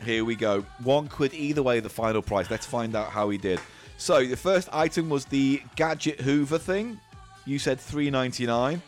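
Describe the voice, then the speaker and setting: A man's voice: mid-range voice, lively intonation, normal speed, faint music behind. A man hosting a party game podcast, sweary and teasing in casual banter.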